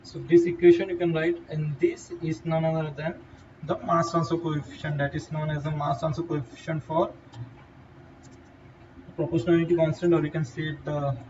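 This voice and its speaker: A man with an Indian English accent giving a halting whiteboard lecture, with fillers and restarts. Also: on the high side, flat delivery, darkish tone. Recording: distant, dull lo-fi mic with faint noise.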